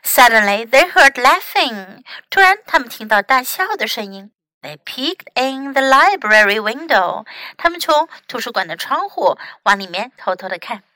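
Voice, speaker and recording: A woman English teacher reading a picture book aloud in two languages, slow and expressive. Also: a little high, dry recording.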